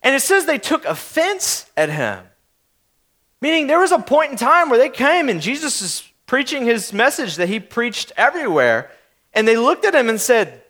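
A young adult man preaching a sermon as pastor, playful and animated, acting out skeptical townspeople in quick asides. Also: very high-pitched.

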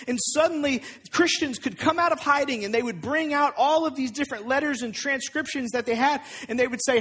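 A man's voice: very high voice, a bit bright. A man preaching a sermon in a conversational way, with asides and restarts. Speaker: pastor.

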